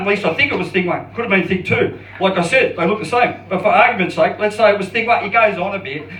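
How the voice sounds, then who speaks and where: A man around fifty doing an open mic stand-up set, self-deprecating and halting, with many restarts. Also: high-pitched, bright, forceful tone, distant mic, a little hiss or hum. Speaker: stand-up comedian. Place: comedy club stage. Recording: roomy club sound from off mic.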